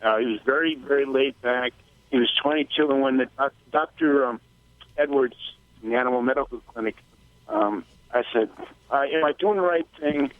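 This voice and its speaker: A man calling in to a radio show, telling a personal story in a halting, emotional way with many restarts. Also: mid-range voice, no echo. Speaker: caller. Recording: tinny phone line.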